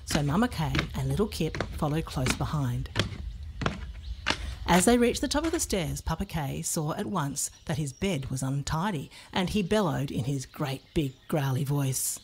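A woman reading a children's storybook aloud in an expressive, playful way. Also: low voice, moderate pace, background noise.

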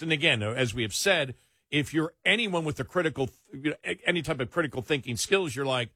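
A man's voice: a little high, expressive, brisk, sharp tone, no room sound, clean studio sound. A man hosting a late-night political talk radio show, emphatic and incredulous, often restarting his words.

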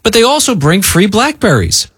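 A man's voice: high voice, very animated, moderate pace, a bit bright, slight background noise. A man hosting a casual morning radio show, telling joking stories from a studio. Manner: laid-back, joking storyteller.

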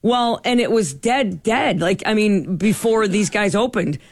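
Middle-aged woman host telling a story, animated, does all the quotes, dry close sound. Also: medium pitch, a little slow, no echo. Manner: animated, acts out quoted dialogue. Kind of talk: casual storytelling chat.

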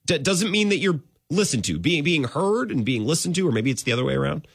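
A man hosting a sports talk radio show, rambling and animated with sudden jumps in pitch. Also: fast talker, breathy edge, no echo, studio quality.

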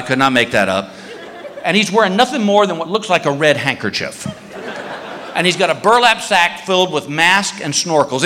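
A man doing stand-up storytelling, animated and shouting his punchlines as he acts out the people in his story. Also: on the high side, long reverb tail, a little hiss or hum. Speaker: stand-up comedian.

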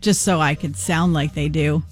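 A woman's voice: low voice, steady tone, normal speed, faint music behind. A woman hosting a radio morning show, chatting and running a fill-in-the-blank game. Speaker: radio host.

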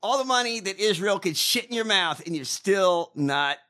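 A man hosts a casual chat in a brash, mocking and heavily profane way. His voice sits a little high and swings widely in pitch. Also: lively intonation, normal speed, pushed and bright. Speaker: podcast host.

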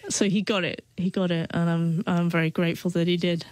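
A woman's voice: lowish voice, flat delivery, fairly quick, a little mellow. Woman with a stutter. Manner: stutters, with repeated sounds and restarts. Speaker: interview guest. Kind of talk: emotional personal storytelling.

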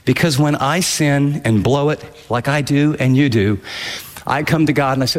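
A man preaching a radio sermon, animated, acting out people's inner voices as he teaches. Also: medium pitch, normal speed, in a large hall. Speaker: pastor.

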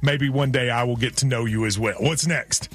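A man's voice: mid-range voice, steady tone, a bit bright, husky, faint music behind. A man hosting a sports radio show, talking casually with a wry, teasing manner. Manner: wry, teasing, quick to laugh.

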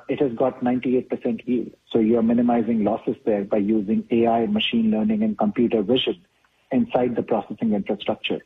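A man being interviewed as a company executive, explaining in a measured way. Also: mid-range voice, slightly rough. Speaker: chief operating officer, guest. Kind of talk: interview answers. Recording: tinny phone-like line.

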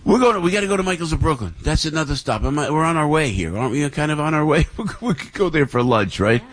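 A man hosting a morning radio talk show, rambling and excitable as he reads a live ad and introduces a guest. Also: a little high, quick pace. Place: radio studio.

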